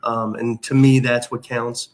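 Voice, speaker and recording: A man's voice: mid-range voice, flat delivery, measured pace. A man as a guest on a casual radio chat, easygoing and thankful, plugging an event. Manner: easygoing, grateful, promotional.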